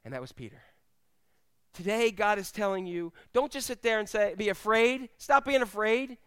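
A man's voice: high voice, expressive, moderate pace, fairly bright tone, clear, resonant tone. A male pastor preaching a sermon at a church service, telling stories animatedly and acting out the voices of the people he quotes.

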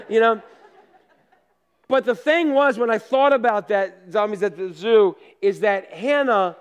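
A male pastor preaching casually, telling lively personal stories, acting out scenes and laughing at himself, with asides to the congregation. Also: sits high, normal speed, clear, resonant tone. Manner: animated storyteller, acts out scenes and laughs at himself.

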